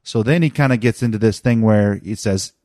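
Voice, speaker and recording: Rambling dad telling a family story. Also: male voice, fairly low pitch, brisk, darkish tone, no room sound, studio quality. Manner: rambling, many restarts and fillers. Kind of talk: casual chat.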